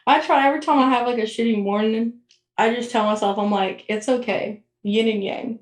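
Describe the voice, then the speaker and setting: A young woman co-hosting a loose podcast, blunt, swearing freely and laughing a lot. Her voice sits a little higher than most. She sounds set back from the mic in an echoey room. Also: fairly even intonation, brisk, recorded from a distance. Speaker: podcast co-host. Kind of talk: casual chat.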